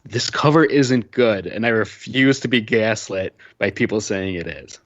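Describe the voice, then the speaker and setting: Deadpan man reading a list. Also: lowish voice, normal speed, a little hiss or hum. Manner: sardonic, reads list items flatly. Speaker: podcast host. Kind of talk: casual chat. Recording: dull lo-fi dry sound.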